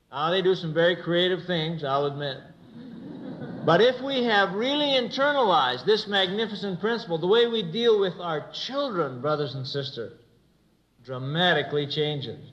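A man's voice: a little high, a bit bright, a little hiss or hum. A man speaking earnestly at a church gathering, telling stories and acting out quoted dialogue. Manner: earnest storyteller who acts out quoted dialogue. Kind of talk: religious talk with stories. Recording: dull lo-fi recording.

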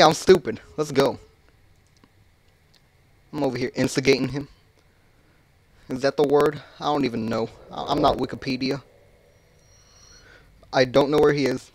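A man's voice: medium pitch, steady tone, normal speed, long pauses. A man hosting a gaming channel, casually joking and cursing through a horror game and yelping at scares. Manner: casual, joking and cursing, jumpy, bursting into loud yelps. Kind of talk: horror game let's play commentary.

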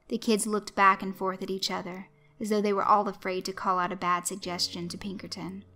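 Bright-voiced woman reading a story. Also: mid-range voice, little pitch movement, brisk, hardly any pauses. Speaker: narrator. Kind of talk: scripted story narration.

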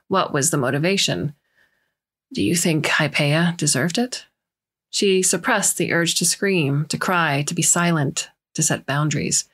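A woman reading a science fiction story aloud in measured, scripted narration. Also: low voice, a bit bright. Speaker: story reader.

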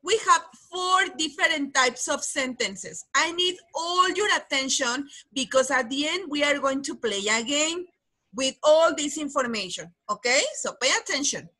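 Bright-voiced teacher. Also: female voice, sits high, animated. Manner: patient, explains slowly, repeats key words. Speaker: English teacher. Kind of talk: online class lesson.

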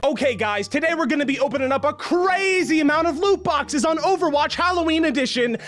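A young man hosting a satirical gaming vlog, acting like an over-the-top hyped youtuber, then dropping into deadpan mumbles. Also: very high voice, brisk, music in the background. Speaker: gaming video host.

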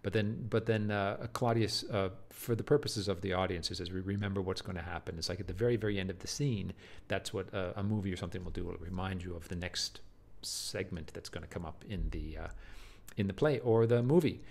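Lower-voiced man lecturing on a play. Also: fairly quick, vocal fry, darkish tone. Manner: emphatic, often repeats words as he restarts. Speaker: teacher of Shakespeare. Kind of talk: casual spoken lecture.

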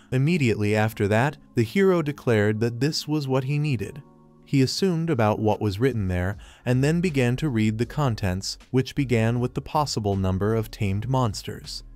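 Man narrating a manga recap over music. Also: mid-range voice. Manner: flat reported-speech retelling. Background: faint music.

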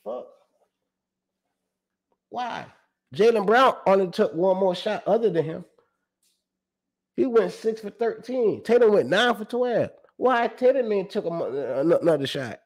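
A man's voice: sits high, animated, moderate pace. A man hosting his own sports show, talking casually and animatedly, reading out stats with slang, profanity and emphatic repeats.

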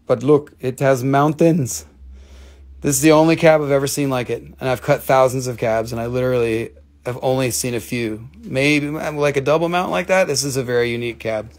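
A mid-range, fairly quick voice with fairly even intonation belongs to an American man who grew up near Washington, D.C. Talking into a phone, he hosts a live mineral sales stream in a casual, playful, jokey way, swearing casually.

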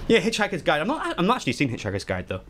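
Lively, sweary speedrunner. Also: male voice, a little high, background noise. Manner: excitable, sweary, talks to chat. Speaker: speedrunner streamer. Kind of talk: live gameplay commentary.

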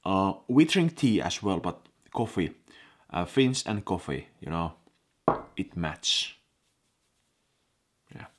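A man's voice: sits low, big pitch swings, slow pace, long pauses. A man from eastern Finland with a Finnish accent, giving a playful, joking video lesson recorded on an action camera mic. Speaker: language teacher vlogger.

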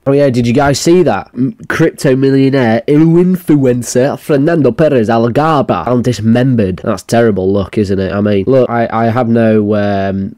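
A man's voice: medium pitch, normal speed, few pauses, dark tone, dry recording, studio quality. A young man casually reacting to memes, crude and jokey, rambling with restarts. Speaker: meme reaction streamer. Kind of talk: casual meme reaction commentary.

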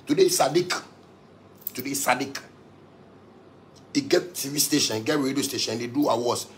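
Speaking at normal speed in a medium pitch, a Ghanaian-accented man goes on a furious, profane tirade aimed at his audience. He repeats lines over and over for emphasis, and the whole thing is heated.

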